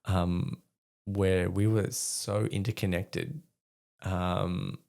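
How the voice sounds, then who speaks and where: A man's voice: deep voice, little pitch movement, extremely slow, gravelly, a little mellow. A middle-aged man, a veteran guest, telling frank stories in a rambling way with many fillers. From Australia. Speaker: podcast guest, army veteran. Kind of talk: candid conversational storytelling.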